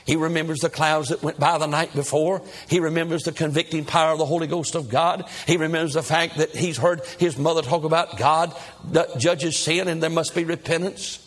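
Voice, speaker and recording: A man's voice: on the high side, steady tone, brisk. A man preaching a sermon as a dramatic, repetitive story.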